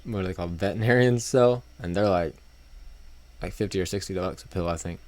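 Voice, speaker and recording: A young man with a fairly low voice, co-hosting a relaxed podcast. He talks in a dry, sarcastic way and often breaks into laughs. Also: a little fast. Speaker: podcast co-host. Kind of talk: casual chat.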